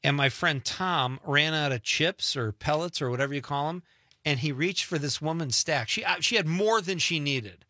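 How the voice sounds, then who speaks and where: Chatty bright-voiced male radio host. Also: fairly high pitch, normal speed, no room sound, studio quality. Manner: chatty, jokey, reads listener texts aloud. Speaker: late-night radio host. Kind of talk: casual radio talk.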